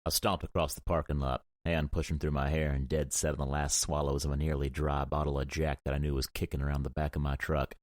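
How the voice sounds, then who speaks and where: Very deep-voiced gruff male narrator. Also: level tone, brisk, few pauses, no room sound, clean studio sound. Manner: gruff, brooding, swearing. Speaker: audiobook narrator. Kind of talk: first-person audiobook narration.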